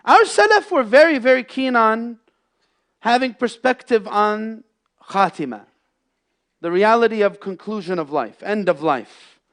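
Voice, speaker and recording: Guy with a high voice giving a friday sermon in a mosque, gets loud then drops real quiet, mixes in arabic. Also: expressive, measured pace. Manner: impassioned, swings between loud emphasis and hushed lows, mixes in Arabic phrases. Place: mosque prayer hall.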